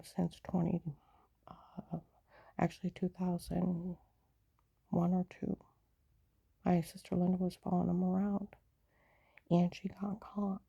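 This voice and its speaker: Woman, lowish and very dark-toned, rambling personal monologue with frequent whispered asides. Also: gravelly, husky, dry recording, muffled recording. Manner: rambling, often slips into a hushed whisper. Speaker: storyteller recounting her own life.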